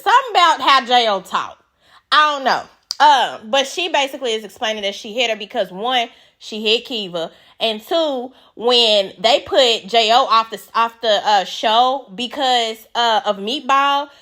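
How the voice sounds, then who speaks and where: A woman giving a casual, blunt recap of a reality show, swearing freely and acting out the cast's lines. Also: fairly high pitch. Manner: animated, blunt, swears, acts out quotes in a raised voice.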